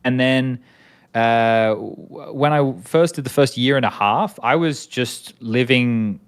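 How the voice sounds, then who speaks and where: A man's voice: medium pitch, slow, clear, resonant tone. An Australian man in his thirties, chatting casually as an interview guest, rambling with many restarts.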